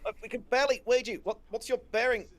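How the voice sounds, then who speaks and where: A man's voice: extremely high pitch, fairly even intonation, fast talker, a bit bright. A man voicing a male radio operator in a wobbly put-on South African accent, in a comedic table read. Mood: deadpan radio calls.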